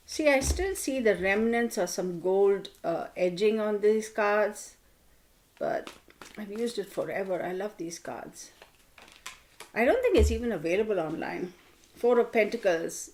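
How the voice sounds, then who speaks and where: A woman giving a casual tarot card reading to camera, chatty and animated, playfully scolding her viewers. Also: mid-range voice. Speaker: tarot reader.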